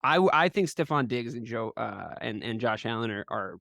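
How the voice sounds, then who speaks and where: A man with a gravelly, mid-pitched voice co-hosts a casual sports podcast and gives blunt, profane opinions. The sound is dry and close. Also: expressive, normal speed, a bit bright, no room sound. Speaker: podcast co-host.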